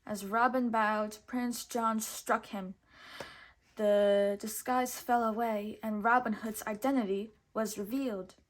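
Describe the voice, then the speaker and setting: Woman, storybook read-aloud, expressive narration, fairly high voice. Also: slow pace.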